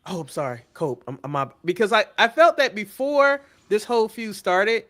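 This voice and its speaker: A man co-hosting a casual wrestling recap, opinionated and quick to swear, stammering when he gets excited. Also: sits high. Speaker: podcast co-host.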